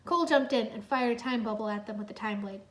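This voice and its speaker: A woman's voice: fairly high pitch, quick pace. A woman reading a fan story aloud in plain storytelling narration. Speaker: reader. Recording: roomy echo.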